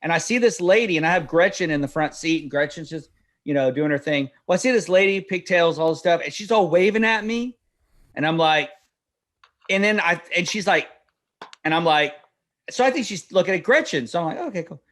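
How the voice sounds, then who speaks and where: Animated dad telling a story. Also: male voice, fairly high pitch, fairly quick. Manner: animated storyteller acting out dialogue. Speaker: podcast host. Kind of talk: casual storytelling chat.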